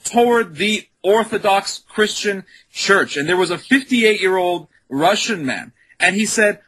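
A man's voice: sits high, sharp tone, slightly rough, low-quality recording. A man being interviewed as a guest on a radio show, speaking earnestly and insistently. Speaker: guest, communications director.

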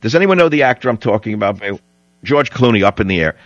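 A man's voice: medium pitch, expressive, fast talker, fairly bright tone, no echo, soft background music. An older man hosting a talk radio show, emphatic and combative, repeating his lines for effect. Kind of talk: talk radio monologue and call-in. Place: radio studio. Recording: dry, slightly dull studio sound.

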